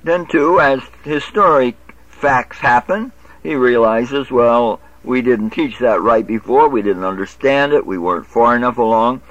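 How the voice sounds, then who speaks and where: A man's voice: medium pitch, measured pace, fairly bright tone, no room sound. A man giving a Bible teaching lecture, reading verses aloud and explaining them in an instructive way. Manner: instructive, quotes scripture and corrects himself. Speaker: preacher. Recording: dull lo-fi audio.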